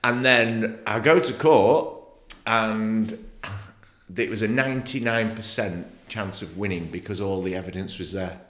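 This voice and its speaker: A man's voice: on the low side, unhurried, fairly bright tone, roomy sound. A middle-aged man from England, a podcast guest telling his personal story bluntly and emotionally, swearing freely. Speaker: podcast guest, former footballer. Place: podcast studio.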